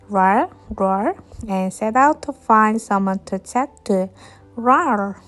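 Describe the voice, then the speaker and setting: A woman, a teacher reading an English picture book aloud to children, slowly and clearly. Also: medium pitch. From Korea. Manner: slow, clear and expressive.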